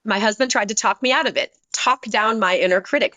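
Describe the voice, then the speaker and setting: A middle-aged woman, a guest on a podcast, telling a personal story in an earnest way and shifting her pitch when she quotes other people. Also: a little fast, sharp tone, no room sound. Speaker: guest, business leader and author.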